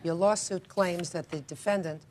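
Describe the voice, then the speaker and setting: Woman judge, slightly low voice, brisk, pointed questions. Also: steady tone, darkish tone, slight background noise. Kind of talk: questioning litigants in a televised courtroom.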